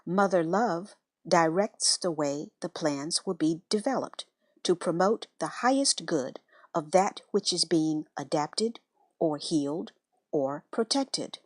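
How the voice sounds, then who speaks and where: Slow, reverent woman reading devotional text. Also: on the low side, animated, a little mellow, dry recording, studio quality. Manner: slow, measured, reverent delivery. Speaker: reader of spiritual letters.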